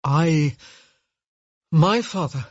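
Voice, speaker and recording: Lady doing a nervous young lord, stammery and halting, lowish husky voice, dull recording. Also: lively intonation, darkish tone, no echo, exaggerated voice. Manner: halting, hesitant.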